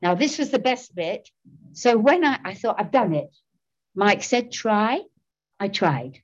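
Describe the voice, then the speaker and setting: A middle-aged woman shares her recovery story in a candid, self-mocking way, laughing often. Her voice sits at an ordinary pitch. The recording is slightly muffled and lo-fi. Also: animated, a little slow. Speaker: speaker sharing recovery story. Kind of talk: personal testimony talk.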